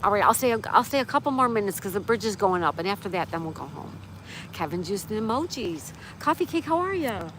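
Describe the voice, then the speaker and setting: A woman's voice: medium pitch, fast talker, a bit bright, rough recording. A woman live streaming outdoors, chatting casually and reading chat messages aloud while tending her dog. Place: outdoors by a road in a town. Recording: outdoor stream with clear traffic noise. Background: street and vehicle noise.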